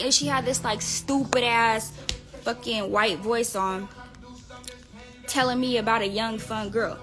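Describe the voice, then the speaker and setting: A woman with a bright, fairly high voice tells a story on a live stream. Her talk is casual, profane and rambling, packed with fillers. Faint music plays behind her. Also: steady tone, moderate pace. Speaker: livestreamer telling gossip.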